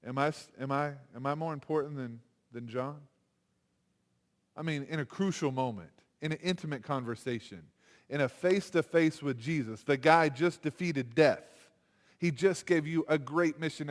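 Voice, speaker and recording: Animated man preaching in a reverberant chapel. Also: a little high, moderate pace. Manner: animated, conversational preaching with acted-out quotes. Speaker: chapel speaker. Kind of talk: sermon. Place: university chapel. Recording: long hall reverb.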